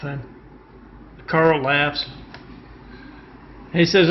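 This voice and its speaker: Rambling gravelly man telling stories into a phone. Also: on the high side, unhurried, long pauses, a little hiss or hum. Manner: rambling, digressive. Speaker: storyteller telling parables. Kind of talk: rambling spoken storytelling. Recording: dull lo-fi phone recording.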